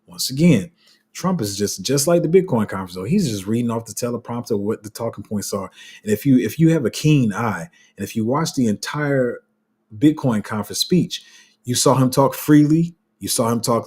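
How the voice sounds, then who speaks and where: A man's voice: medium pitch, brisk, darkish tone, husky. A man hosting a crypto channel, giving a heated, passionate livestream rant full of restarts. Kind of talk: casual livestream commentary.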